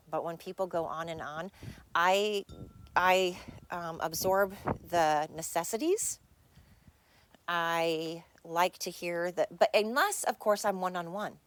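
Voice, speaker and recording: A woman hosting her own podcast, talking bluntly and candidly in a rambling solo monologue. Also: on the low side. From United States. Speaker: podcast host.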